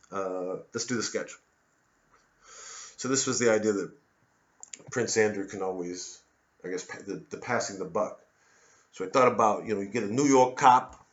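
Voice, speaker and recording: A male comedian delivering a rambling, sardonic satirical monologue full of digressions. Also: mid-range voice. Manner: sardonic, digressive, slips into voices. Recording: dull lo-fi audio.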